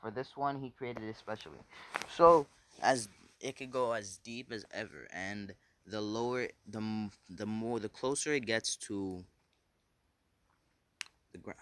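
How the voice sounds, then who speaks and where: A man's voice: fairly low pitch, a bit bright, no echo. A man casually telling a made-up story off the cuff, rambling, correcting himself often and swearing. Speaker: fan fiction storyteller.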